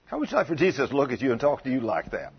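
A man's voice: mid-range voice, wildly swooping pitch, racing. A man preaching a sermon, telling stories emphatically in a folksy way. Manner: emphatic storytelling, folksy speech. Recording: dull lo-fi sound.

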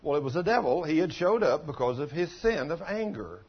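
Male pastor, sermon, folksy storytelling, asks the congregation questions, slightly high husky voice, dull lo-fi recording. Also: animated, a little fast.

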